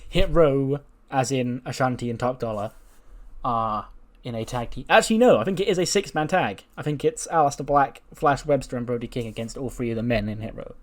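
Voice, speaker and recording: A man's voice: medium pitch, fairly quick. A man narrating a wrestling simulation game casually, chatty and rambling, trailing off with "um". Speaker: game commentator.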